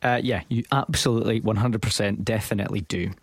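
A man's voice: on the low side, steady tone, fast talker, creaky, slightly rough, no room sound. A Scottish man hosting a radio chat show, teasing his guest in a playful, jokey way. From Scotland. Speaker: radio host. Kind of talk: casual chat.

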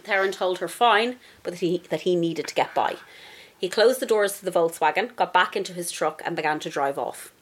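A woman's voice: lowish voice, a little fast, slightly rough. A woman co-hosting a podcast, reading a case from notes with giggly asides. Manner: giggly, loose, reads from notes. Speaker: podcast co-host. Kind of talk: casual chat and story narration.

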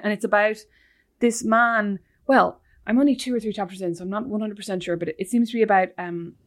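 A woman, co-hosting a podcast, chatting casually and telling animated stories. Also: mid-range voice. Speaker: podcast co-host. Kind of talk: casual chat.

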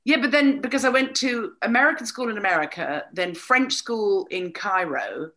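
A woman talking as an interview guest, animated and candid, with a wry, storytelling manner. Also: medium pitch, moderate pace. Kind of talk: casual conversation.

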